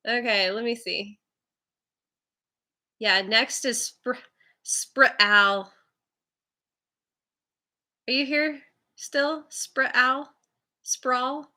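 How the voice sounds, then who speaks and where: Slow-talking bright-voiced tarot reader. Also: female voice, a little high. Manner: laughs often, warm and encouraging to viewers; stumbles over viewer names. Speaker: tarot reader hosting a live stream. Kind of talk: casual live-stream chat.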